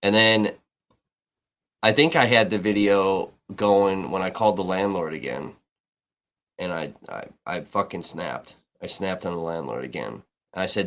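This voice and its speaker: Deep-voiced man ranting on a live stream. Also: unhurried, fairly bright tone. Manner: heated, profane, with frequent restarts. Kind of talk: casual rambling storytelling.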